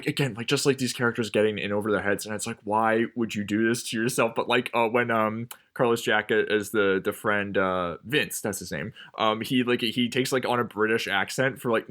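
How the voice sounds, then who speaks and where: A man's voice: fairly low pitch, fairly bright tone. A man co-hosting a casual film podcast, rambling with many "like" and "um" fillers. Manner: rambling, filler-heavy, lots of "like" and "um". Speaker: podcast co-host.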